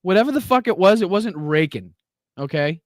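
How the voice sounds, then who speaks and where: A man's voice: high voice, animated, moderate pace, dry recording, clean studio sound. A man hosting a livestream, reacting to news clips with mocking, profane commentary and frequent laughter. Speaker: livestream host.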